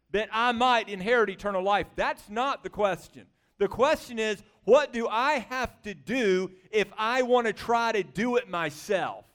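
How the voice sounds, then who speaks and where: A man preaches with a notably high and smooth, resonant voice. His delivery is conversational and animated, full of rhetorical questions aimed at his listeners. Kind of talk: sermon.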